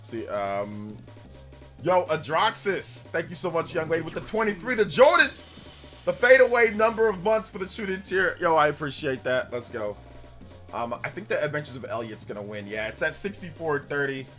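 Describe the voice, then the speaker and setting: A young man hosts a live game stream with a slightly high, very animated voice that rises and falls constantly. He rambles and circles back to the same points, breaking into easy laughter. Quiet music plays underneath. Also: moderate pace. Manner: rambling and repetitive, laughs easily. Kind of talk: casual live-stream chatter while gaming.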